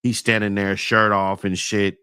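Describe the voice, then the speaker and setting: A man's voice: lowish voice, flat delivery, measured pace, bright, forceful tone, clean tone, no room sound, studio quality. A man casually telling a long story in heavy slang, rambling with many fillers and laughing often as he talks.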